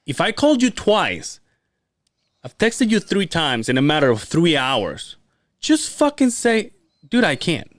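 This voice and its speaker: An unhurried man with a slightly high voice, recorded without room sound, hosts a podcast. His stories come out in casual, profane chat, with animated renditions of what people said.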